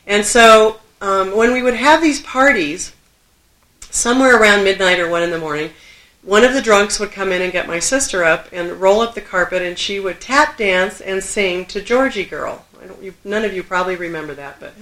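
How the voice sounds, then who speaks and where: A woman's voice: mid-range voice, moderate pace, pushed and bright. A middle-aged woman from Southern California telling a personal story to a live audience, self-deprecating and laughing often. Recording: roomy echo.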